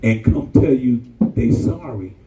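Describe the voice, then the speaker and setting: A man preaches with a high, wildly swinging voice and a dark, mellow tone, animated and colloquial, calling out to the congregation. He is recorded in an echoey church room from a distant mic. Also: unhurried. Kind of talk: sermon.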